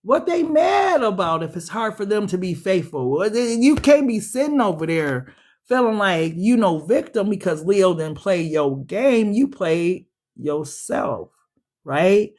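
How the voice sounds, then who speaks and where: High-pitched guy doing a loose tarot reading, cussing and laughing. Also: a little slow. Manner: animated, swearing, laughing, talks back to the cards. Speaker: tarot reader. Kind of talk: casual tarot reading monologue.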